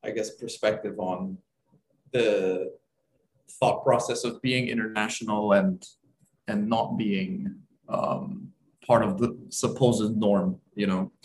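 Young man from Turkey, podcast co-host, lowish voice, eager and rambling, video call audio, faint background hiss. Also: steady tone, a little mellow. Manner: eager, rambling, quick bursts with restarts. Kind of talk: casual chat over a video call.

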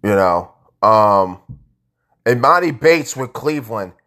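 A man ranting casually as a sports fan vlogger, frustrated, jumping between loud outbursts and low mutters. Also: animated, slow.

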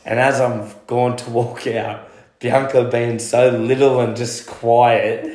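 An Australian man with a voice of ordinary pitch chats at home as a guest. He swears freely, rambles and laughs at himself. The room is echoey. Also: little pitch movement, slow, a little mellow. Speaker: guest, concreter. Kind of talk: casual chat. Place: at home, indoors. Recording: roomy home recording.

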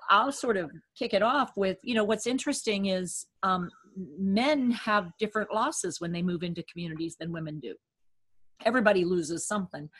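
Woman, podcast co-host, mid-pitched, lively, thinks aloud, self-correcting. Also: husky. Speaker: dementia care educator, co-host. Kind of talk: casual podcast chat.

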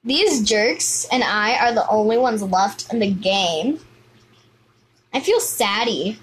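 A woman giving lively, exclamatory commentary over her gameplay, often repeating words in a sing-song way. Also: mid-range voice, a little slow, husky, low-quality recording. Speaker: gaming video host.

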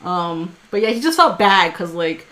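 A woman's voice: lowish voice, moderate pace. Female podcast co-host, loose and chatty, retells events by acting out what everyone said. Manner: rambling, animated retelling with quoted asides and swearing. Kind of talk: casual storytelling chat.

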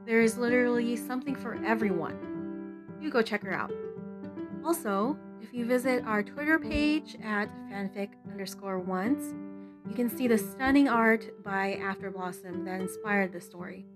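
Woman podcast host, friendly outro, fairly high voice, plucked guitar behind. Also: normal speed. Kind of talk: scripted show outro. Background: guitar music.

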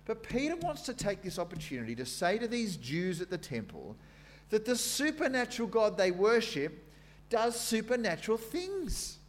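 A man's voice: sits high, huge pitch swings, normal speed. An Australian man preaching a sermon. He tells the story in a conversational way and reads scripture aloud with dramatic emphasis.

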